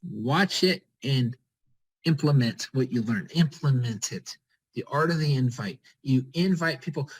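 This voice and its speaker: On a network-marketing group call, a team leader gives an energetic motivational pep talk, driving his team on with short, repeated commands. His medium-pitched voice is unhurried with a breathy edge, and the recording is rough.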